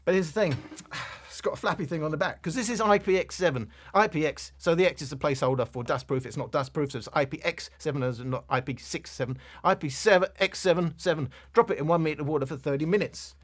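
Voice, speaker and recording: A Londoner with a broad Cockney accent and a slightly raised pitch talks through a gadget review in a casual, blunt way. He drifts into asides and comes back to the product. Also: fast talker, few pauses. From England, London. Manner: chatty, digressive, blunt. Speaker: tech reviewer.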